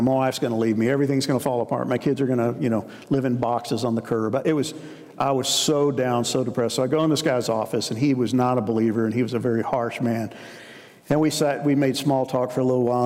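A man delivers a sermon in a relaxed, storytelling manner, like a pastor talking to his congregation. His voice sits at a middling pitch, and a long reverb from a large church hall trails every phrase. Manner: storytelling, conversational preaching.

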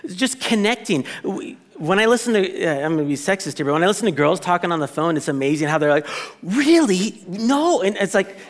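A man preaching a sermon to a congregation in a conversational, animated way, often restarting his sentences and acting out quoted reactions. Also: on the high side, quick pace, hardly any pauses. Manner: conversational, animated, self-interrupting, with playful quoted asides. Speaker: pastor.

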